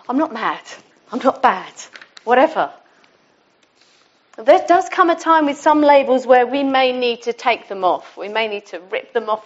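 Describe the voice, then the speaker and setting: A middle-aged woman giving an informal, conversational sermon to her church. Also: a little high. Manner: warm, conversational, with restarts. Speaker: church speaker. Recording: dull lo-fi sound.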